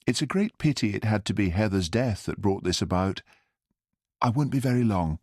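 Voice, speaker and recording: A man voicing a brisk, kindly woman guest at a hotel in an audiobook. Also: lowish voice, animated, darkish tone, dry recording, clean studio sound. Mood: gentle.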